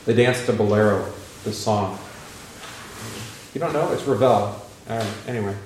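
This lowish-voiced man teaches an informal Bible lesson at a normal speed, rambling somewhat and asking his class questions. He becomes animated when reciting scripture, and the echoey room carries slight background noise.

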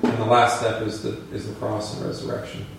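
A man teaching an informal Bible class in a classroom, rambling a little and putting questions to his students, and growing animated when he quotes scripture. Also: fairly low pitch, brisk, vocal fry, echoey room, very noisy.

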